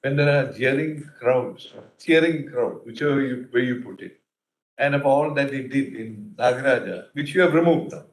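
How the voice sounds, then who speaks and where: A man's voice: medium pitch, moderate pace. A man, a judge questioning counsel from the bench, probing and thinking aloud with many fillers. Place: large courtroom. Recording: roomy courtroom echo.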